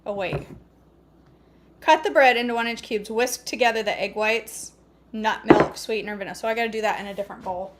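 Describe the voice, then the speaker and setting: A woman's voice: fairly high pitch, a little fast. A middle-aged woman chatting casually to her viewers while cooking in her home kitchen, joking about herself and answering comments by name. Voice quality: chatty, self-mocking, talks to viewers by name. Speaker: cooking vlogger.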